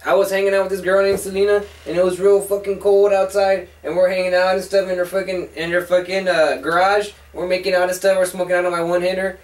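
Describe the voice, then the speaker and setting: A man's voice: sits high, flat delivery, fast, few pauses, recorded from a distance. A young man telling crude stories in a casual chat, acting out the quotes in his tales. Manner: crude, rambling, acts out quotes. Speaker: co-host. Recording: echoey room, voice from off-mic.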